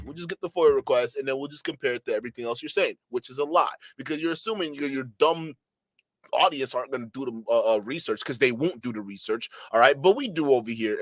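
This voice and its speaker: Male live-stream host reacting for chat; exasperated, mocking delivery, bright and dry. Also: mid-range voice, dry recording.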